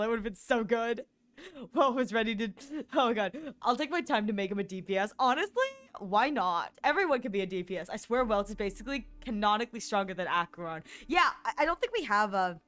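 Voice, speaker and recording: A woman's voice: fairly high pitch, expressive, a little fast, fairly bright tone. A woman streamer chatting casually as she plays, rambling and giggling with plenty of fillers. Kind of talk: casual chat while gaming.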